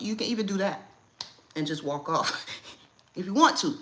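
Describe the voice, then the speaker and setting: A young to middle-aged woman, hosting a casual livestream chat from home in a blunt, animated way and laughing often. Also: medium pitch, moderate pace, long pauses. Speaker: livestream host.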